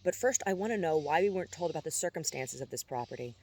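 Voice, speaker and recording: A blunt, formal middle-aged buyer, voiced by a male reader in a storybook reading. He speaks in clipped, matter-of-fact sentences with a slightly raised pitch. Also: lively intonation, quick pace, a little mellow. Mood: stern.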